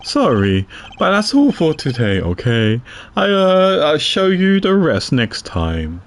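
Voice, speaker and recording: A man's voice: fairly high pitch, huge pitch swings, slow pace, pitched above the performer's own voice, heavily acted. A man voicing a loyal, bumbling male detective who boasts and then stammers sheepishly when caught out.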